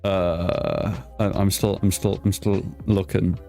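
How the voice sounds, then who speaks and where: A man's voice: low voice, flat delivery, slow pace, warm tone, faint music behind. A young man hosting a casual interview, playful and teasing, often stammering and restarting. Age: young adult. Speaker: host.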